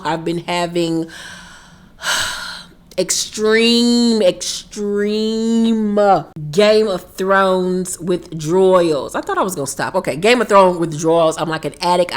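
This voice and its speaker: Slow easygoing woman vlogger, kinda low voice, chatty and hyped, says stuff twice. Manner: excited, chatty, repeats herself for emphasis. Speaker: YouTube vlogger. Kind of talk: casual chat to camera.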